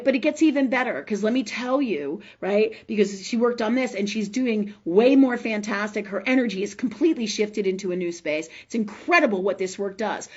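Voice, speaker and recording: A woman's voice: a little high, dull audio. A middle-aged woman hosting a live spiritual health show, telling a story emotionally and emphatically, swearing freely and often asking "right?".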